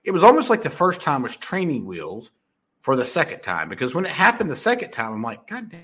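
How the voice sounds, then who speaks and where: A man's voice: mid-range voice, huge pitch swings, fairly quick, a bit bright, husky. A man telling a rambling, profane story in a casual monologue, full of fillers and restarts.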